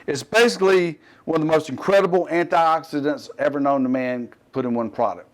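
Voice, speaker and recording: A man's voice: fairly high pitch, fairly even intonation, brisk. A middle-aged man with a Southern accent hosting a fitness TV show, talking casually, rambling and cutting himself off with joking asides. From US Gulf Coast. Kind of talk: casual unscripted TV talk.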